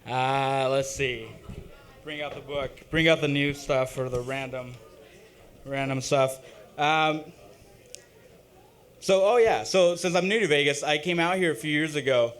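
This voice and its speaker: A young man performing a halting, self-deprecating open-mic stand-up set, full of ums and uhs. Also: medium pitch, a bit bright. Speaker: stand-up comic. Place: open-mic comedy stage.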